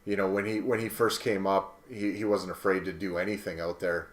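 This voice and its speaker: Deep male panelist, halting and thoughtful, roomy recording. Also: level tone. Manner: thoughtful, halting, repeats words. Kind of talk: casual podcast chat. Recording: roomy echo.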